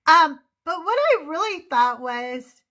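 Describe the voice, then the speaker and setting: Woman host, middle-aged, high bright voice, chatty, laughs a lot. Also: very animated, takes it slowly. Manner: chatty, laughs often, trails off into fillers. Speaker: livestream host. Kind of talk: casual livestream chat.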